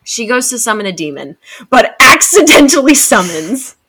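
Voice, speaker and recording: Young woman podcast cohost, bright voice, gets all worked up telling the story. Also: fairly high pitch, normal speed, slightly rough. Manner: excitable, animated storyteller. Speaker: podcast co-host. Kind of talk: casual chat.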